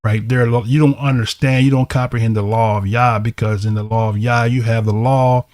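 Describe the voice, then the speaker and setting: A man's voice: medium pitch, steady tone, brisk, darkish tone, no room sound, studio quality. A man teaching a bible lesson, reading verses aloud and explaining them, often asking "right?" to check in with listeners.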